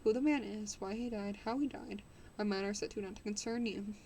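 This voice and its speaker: A woman reading the lines of a desperate young gentleman aloud from a novel, urgent and pleading, with small slips. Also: a little high, little pitch movement, normal speed, slight background noise, natural voice. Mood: urgent hushed.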